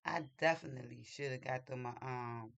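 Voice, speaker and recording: An animated vlogger spinning a casual story, full of slang and quick restarts. The voice sounds bright and forceful, and the pitch sits in the middle. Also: vocal fry. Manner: animated, slangy, repeats and restarts, laughs while telling.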